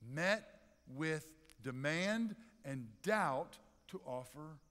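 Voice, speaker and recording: A man preaching a sermon as pastor, animated and conversational, with dramatic pauses. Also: on the high side, long reverb tail. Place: church sanctuary.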